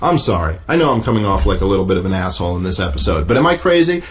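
A man's voice: low-pitched, sing-song, fast talker, hardly any pauses. Profane, exasperated man hosting a podcast. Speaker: podcast host. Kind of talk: solo commentary reading and rebutting an article.

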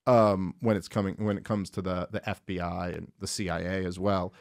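Profane, animated male podcast host. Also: low voice, gravelly, no room sound, studio quality. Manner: profane, animated, acts out characters in quick voices. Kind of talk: irreverent comedic retelling and commentary.

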